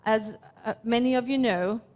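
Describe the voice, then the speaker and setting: A woman in her fifties from Germany, speaking with a German accent as she gives a slow, reflective, heartfelt sermon as minister. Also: a little high, a little mellow. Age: 50s. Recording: long hall reverb.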